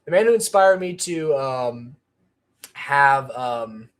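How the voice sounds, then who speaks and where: A man's voice: mid-range voice, animated, slow pace. Rambling man on a casual livestream. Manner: rambling, full of ums and restarts. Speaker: channel creator.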